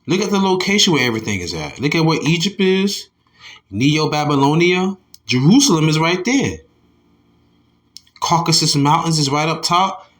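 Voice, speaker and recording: A man's voice: on the high side, big pitch swings, a little fast, a bit bright. A slightly tipsy man giving a casual, profane scripture lesson and reading articles aloud while talking back to his listeners. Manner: loose, profane, talks back to his audience. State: a little tipsy. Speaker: religious commentator.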